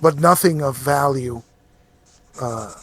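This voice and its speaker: A man narrating as game master of a tabletop session, relaxed and given to restarts. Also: medium pitch, slow, husky.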